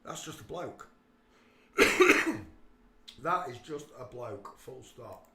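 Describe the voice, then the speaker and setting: A man with a sharp, bright voice hosts a casual livestream, mumbling one moment and shouting the next. His voice rings around an echoey room, with a faint hiss of background noise underneath. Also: mid-range voice, animated, measured pace, gravelly. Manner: emphatic, swings from mutters to loud outbursts. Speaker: livestream host.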